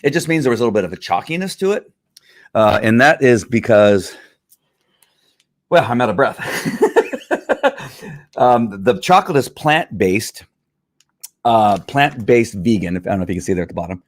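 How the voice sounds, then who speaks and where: A man's voice: medium pitch, animated, quick pace. A man chatting casually on a live stream, rambling through a product review with restarts and chuckles.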